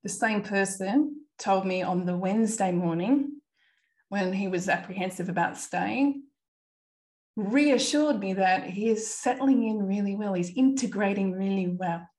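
A woman's voice: mid-range voice, unhurried, darkish tone. A woman in her thirties hosting a podcast, earnestly retelling a distressing family episode with quoted dialogue. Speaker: podcast host and parent. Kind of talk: personal storytelling monologue.

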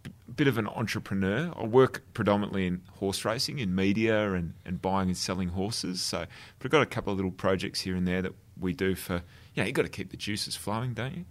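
A man in his thirties with an Australian accent, talking about himself with a self-deprecating, jokey streak. His voice sits low, and the tone stays relaxed and casual. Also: fairly quick. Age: 30s. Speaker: podcast co-host. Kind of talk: casual podcast chat.

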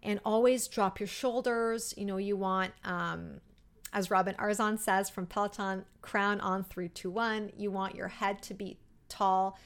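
A woman in her thirties hosting a podcast, telling a personal story in a heartfelt, emotional way, with many fillers and pauses. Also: medium pitch, steady tone. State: emotional, near tears. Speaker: podcast host.

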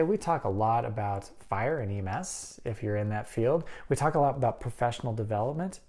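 A man's voice: mid-range voice, vocal fry, mellow. A man hosting a podcast, talking earnestly and conversationally, often checking in with a "right?". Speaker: podcast host. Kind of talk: casual advice talk.

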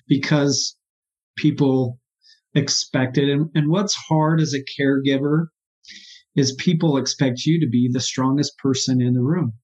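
A man, a therapist, telling his personal story as an interview guest in an earnest, halting, emotional way. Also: medium pitch, fairly even intonation, a little mellow. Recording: dull lo-fi sound.

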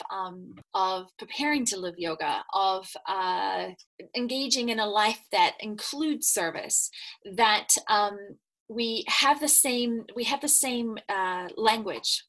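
A woman's voice: medium pitch, slow, pushed and bright, rough recording. A middle-aged woman, a spiritual teacher hosting her show, talking casually with many fillers and restarts.

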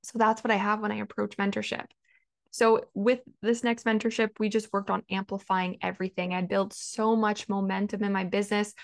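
Woman podcaster telling her story, earnest and emotional, lots of "like", middle pitch. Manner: earnest, emotional, fond of "like" and repeated words. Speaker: business coach and podcast host. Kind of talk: personal storytelling monologue.

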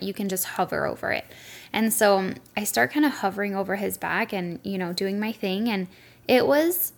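A woman's voice: medium pitch, gravelly. A young woman hosting a solo podcast, telling a story in a chatty way with lots of fillers. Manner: chatty, lots of "like" and "you know". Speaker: podcast host; Reiki practitioner.

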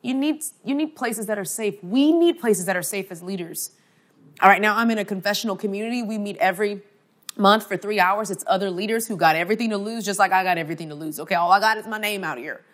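Emphatic woman giving a faith talk. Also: medium pitch. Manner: emphatic and conversational, frequent "like" and "okay?". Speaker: conference speaker. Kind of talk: motivational faith talk to an audience.

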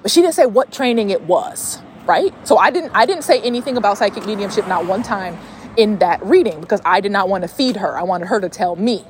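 A young woman hosting a podcast, telling a personal story in a casual, animated way while walking outdoors. She swears freely and often restarts her sentences. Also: medium pitch, brisk, a little hiss or hum. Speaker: podcast host.

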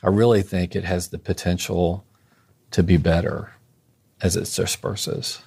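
A man co-hosting a faith podcast, thoughtful and halting, reading a blessing slowly and deliberately. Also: sits low, little pitch movement, a little mellow, breathy edge. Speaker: podcast co-host. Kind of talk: reflective faith podcast conversation.

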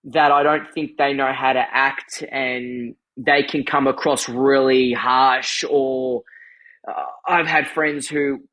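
A man's voice: medium pitch, fairly even intonation, takes it slowly, bright, forceful tone. A man co-hosting a podcast in casual conversation, telling stories animatedly, acting out quotes and laughing often. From European family background. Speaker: podcast co-host.

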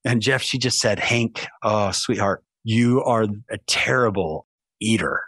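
A man telling stories as a podcast guest, acting out the people he quotes with lively jumps in his voice. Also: unhurried, breathy edge, no echo. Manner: animated storyteller, acts out quoted voices with big pitch jumps. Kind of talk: casual storytelling.

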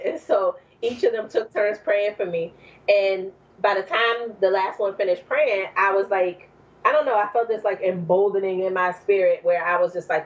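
A woman, a mother in her thirties or forties, telling a personal story as a guest, leaping to high exclaims when she quotes herself. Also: measured pace, distant mic. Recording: dull lo-fi recording.

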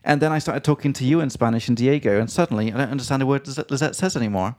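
A man's voice: mid-range voice, racing, darkish tone. A British man hosting a casual podcast, playfully repeating Spanish words as he learns them. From Britain. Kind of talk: casual chat.

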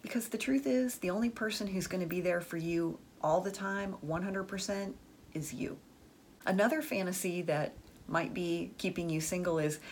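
Her voice is on the low side and moderately paced, with slight background noise. She's a relationship advice speaker delivering a frank, conversational monologue about friends, regularly saying "like" and "the truth is."

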